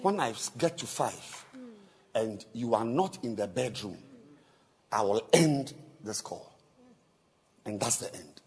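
A man's voice: mid-range voice, takes it slowly, long pauses. A man preaching as a bishop, telling stories animatedly and acting out dialogue with many repetitions. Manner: animated, acts out dialogue, repeats words. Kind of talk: sermon storytelling.

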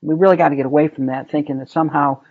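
A man's voice: fairly high pitch, fairly even intonation, racing, phone-quality sound. A man leading a casual Bible study, talking through the text conversationally and asking his group questions. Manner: conversational, asks the group questions, many ums and rights.

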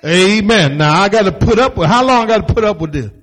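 A man preaching a sermon, animated and folksy, with quick asides to the congregation and acted-out quotes. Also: sits high. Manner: acts out voices of the people he quotes. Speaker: pastor.

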